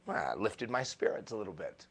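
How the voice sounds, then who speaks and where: A male motivational speaker giving a live keynote talk, animated and self-deprecating, repeating phrases for emphasis. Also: lowish voice, a little fast, husky. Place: stage before a live audience.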